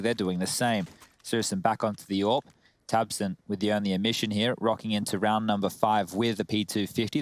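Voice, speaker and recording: A man giving steady, analytical commentary on a competitive shooter match. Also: fairly low pitch. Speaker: esports caster. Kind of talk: play-by-play commentary.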